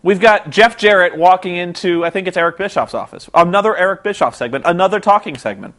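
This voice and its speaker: A man's voice: high-pitched, fast, a bit bright. A young man vlogging about a wrestling show, exasperated and sarcastic, rambling with restarts. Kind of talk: casual ranting commentary.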